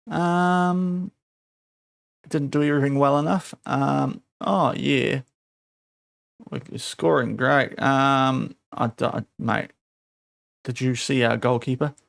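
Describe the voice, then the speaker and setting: Young guy streaming a football manager game, kinda gravelly voice, grumbling at his players. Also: medium pitch, no room sound. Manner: exasperated, scolds his virtual players aloud. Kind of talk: casual live-stream commentary.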